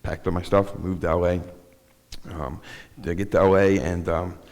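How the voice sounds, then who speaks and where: Low-voiced man telling his story in a reverberant hall. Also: little pitch movement, darkish tone. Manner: rambling, halting, with many restarts. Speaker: guest speaker. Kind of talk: personal testimony talk. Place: synagogue sanctuary.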